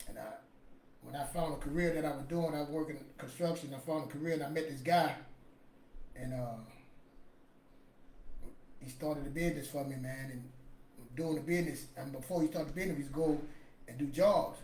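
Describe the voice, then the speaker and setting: A man's voice: fairly high pitch, a little mellow, distant mic, slight background noise. Storytelling man in an echoey room. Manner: storytelling, rambling, emphatic and preachy. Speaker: podcast host. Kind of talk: casual motivational talk. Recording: echoey room with faint ambience.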